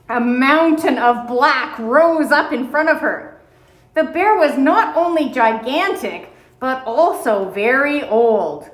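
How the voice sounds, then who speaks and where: A woman reading a children's storybook aloud in a gentle, expressive storytelling manner. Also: high voice, echoey room, low-quality recording. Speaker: audiobook reader. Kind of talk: storybook read-aloud narration.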